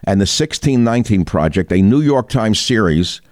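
A man hosting a talk show gives combative, indignant news commentary, throwing rhetorical questions at his audience. His lowish, darkish voice is animated at a normal speed, captured in studio quality with no echo.

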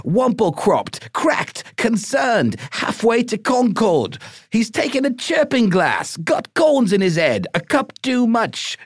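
Man doing a high, lively Cockney bloke, sing-song and cheeky, dry sound. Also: no room sound, heavily acted. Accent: Cockney, put on. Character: high-voiced Cockney man listing drunk slang.

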